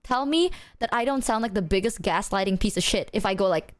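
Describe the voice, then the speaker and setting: This woman streamer's storytelling is lively and full of swearing, with acted-out quotes of her own side, during a casual chat. Her voice is medium in pitch and brisk.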